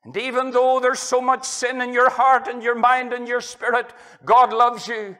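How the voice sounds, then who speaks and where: A middle-aged Northern Irish preacher with an unusually high, bright and forceful voice. He delivers an impassioned evangelistic sermon in a church hall, rising loud and then dropping to a hush. He quotes scripture in old-fashioned phrasing. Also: monotone, moderate pace. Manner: impassioned revival preaching, swinging from loud to hushed.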